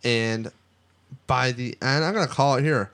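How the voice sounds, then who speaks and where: A man chatting loosely on a sports podcast, his speech full of swearing and tangents. His voice is smooth and clear at a middling pitch, and he keeps jumping between excitement and mumbling asides. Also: unhurried. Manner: profane, rambling, excitable. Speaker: podcast co-host. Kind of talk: casual sports podcast chat.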